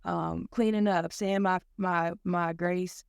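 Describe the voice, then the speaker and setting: A woman's voice: on the low side, fairly even intonation, slow pace, gravelly, clean tone, no echo, studio quality. A woman from Cincinnati hosting a casual podcast chat between moms, chatty and laughing often. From Cincinnati, Ohio. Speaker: podcast host.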